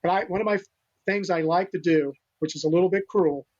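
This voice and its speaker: Older male guest, high-pitched, earnest and rambling; muffled lo-fi audio. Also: fast talker, darkish tone. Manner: earnest, rambling, many restarts. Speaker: guest, animal rescuer. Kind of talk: storytelling interview talk. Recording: dull lo-fi sound.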